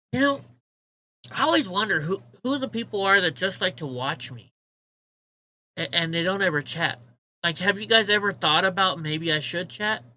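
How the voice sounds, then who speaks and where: A man's voice: fairly high pitch, sharp tone, poor audio. A man hosting a casual livestream, ranting with profanity and mocking remarks while he talks to his chat. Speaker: livestream host.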